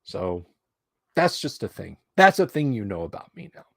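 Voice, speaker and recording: A man's voice: fairly low pitch, sing-song, vocal fry, no echo, studio quality. Man rambling on a casual stream. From Alabama, US South. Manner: rambling and conversational, with frequent pauses and restarts. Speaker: streamer host. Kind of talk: casual livestream chat. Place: home studio room.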